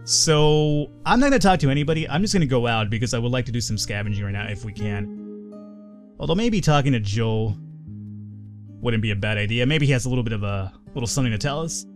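A man's voice: mid-range voice, animated, brisk, soft background music. A man giving casual, rambling commentary over gameplay, off-the-cuff and peppered with swearing. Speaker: let's play gamer.

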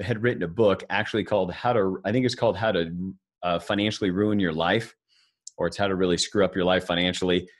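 Deep-voiced guy giving a talk, chatty and jokey, talks right at the crowd. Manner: conversational and joking, addressing the audience directly. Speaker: financial speaker presenting to an audience. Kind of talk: live seminar talk.

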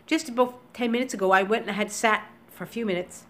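A woman talking to her viewers in a casual daily vlog from home, emotional and teary, speaking haltingly with many restarts into a computer webcam. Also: medium pitch, a bit bright. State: upset and teary. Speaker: vlogger. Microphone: computer webcam recording.

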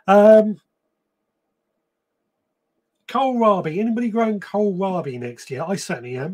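Chatty man hosting a live stream. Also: on the high side. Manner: chatty, relaxed, with frequent ums and restarts. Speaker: podcast host. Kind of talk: live-stream chat reading viewer comments.

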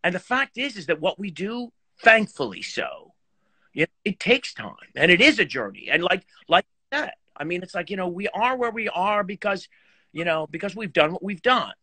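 A man on a video call chatting casually, animated and swearing, with lots of fillers. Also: high-pitched, normal speed, slightly rough, no echo. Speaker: guest horn player.

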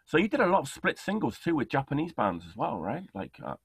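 A man's voice: a little high, huge pitch swings, fast, creaky, a bit bright, slightly rough, no echo. A man hosting an interview over a video call, chatty and enthusiastic with lots of fillers. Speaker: podcast host. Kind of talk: casual interview chat.

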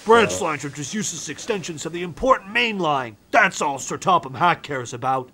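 A man's voice: fairly high pitch, expressive, normal speed, noisy background, pitched above the performer's own voice, natural voice. A man voicing a big proud male express steam engine who talks in a huffy, rude and scornful way.

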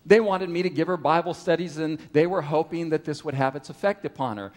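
A middle-aged man preaching a sermon at a camp meeting, telling a story with animated rises and drops. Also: fairly high pitch, brisk. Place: large hall at a camp meeting. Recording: reverberant hall.

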